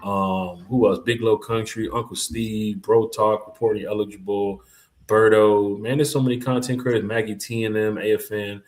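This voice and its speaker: A man with a fairly low voice hosts a casual sports podcast in a roomy space that echoes around him. He talks in a laid-back way and gives shout-outs to his viewers. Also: little pitch movement, moderate pace. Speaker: podcast co-host.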